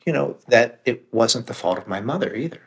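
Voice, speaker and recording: A man's voice: mid-range voice, lively intonation, fairly quick, gravelly. A man speaking as a podcast guest, earnest and reflective, swearing now and then for emphasis. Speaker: author and meditation teacher, guest. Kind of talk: candid podcast conversation.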